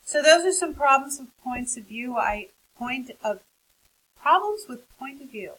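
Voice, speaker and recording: Woman writing teacher, husky voice, relaxed and conversational, full of fillers and candid asides. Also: sits high, a little slow, low-quality recording. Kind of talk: recorded lecture.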